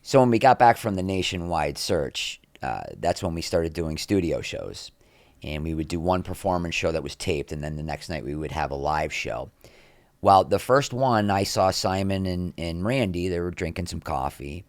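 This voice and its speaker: A middle-aged male actor, guesting on a podcast, shares candid behind-the-scenes stories in an animated way, acting out what others said. His voice sits low, his speed is normal, and there's no echo.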